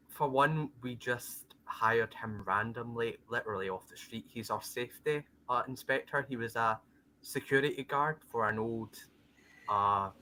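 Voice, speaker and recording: Bright-voiced man running a tabletop game. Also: mid-range voice, slight background noise, poor audio. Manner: hesitant, many fillers. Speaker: game master.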